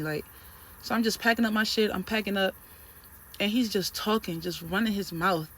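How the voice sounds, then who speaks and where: A woman telling a story in a casual vlog, animated and emphatic, with lots of slang. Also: medium pitch, moderate pace. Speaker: trucking trainee telling a story.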